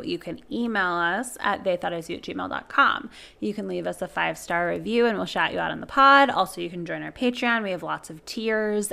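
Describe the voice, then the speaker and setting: Young woman, podcast co-host, low voice, vocal fry, casual, laughing. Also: pushed and bright. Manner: easygoing, laughing, loose fillers. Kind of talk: casual chat.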